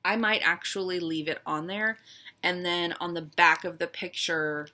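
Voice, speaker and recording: A woman's voice: lowish voice, steady tone, normal speed, bright, forceful tone. A woman chatting casually as she shows her stitching projects, fond and a little wistful, with frequent "um"s. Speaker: cross-stitch vlogger. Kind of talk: casual show-and-tell chat.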